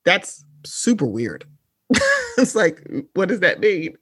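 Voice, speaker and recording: Podcast co-host, mid pitch, blunt and profane, sarcastic pop-culture gossip, very dry close sound. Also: big pitch swings, slow pace, slightly rough, no room sound. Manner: blunt, profane, sarcastic, addresses listeners as y'all. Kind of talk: casual pop-culture chat.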